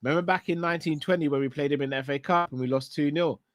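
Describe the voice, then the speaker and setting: A man co-hosting a football podcast, making deadpan jokes in casual banter. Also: on the high side, racing, a crowd in the background. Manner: joking, deadpan claims. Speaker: podcast co-host.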